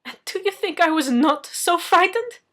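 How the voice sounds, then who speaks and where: A woman's voice: very high-pitched, lively intonation, moderate pace, a bit bright, pitched above the performer's own voice. A woman reading aloud, voicing a proud, fiery woman who speaks stiff English and drops her articles. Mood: indignant. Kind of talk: audiobook reading.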